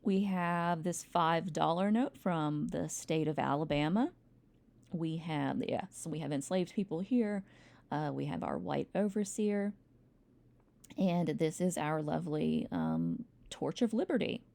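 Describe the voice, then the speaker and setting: Woman teacher, lecture, low voice, gravelly, wry, rambling, lots of ums. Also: animated, measured pace, a little mellow. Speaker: history teacher. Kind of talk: recorded classroom lecture. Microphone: home recording, textbook open nearby.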